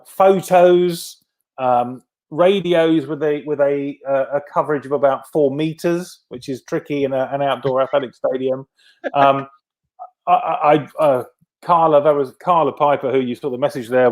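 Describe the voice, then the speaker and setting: Over a video call, a man who is a veteran venue producer tells anecdotes in a casual storytelling interview. His medium-pitched voice is a little mellow, and his humor is self-deprecating, with frequent fillers and restarted sentences.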